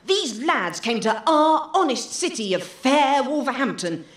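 A woman's voice: high voice, very animated, measured pace, reverberant. An actress playing a sassy, sarcastic young woman activist in a radio comedy. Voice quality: sarcastic, theatrical announcer.

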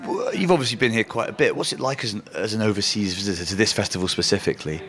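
Low-voiced wry festival interviewer. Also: male voice, rapid-fire, fairly bright tone, faint music behind. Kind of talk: on-location interview.

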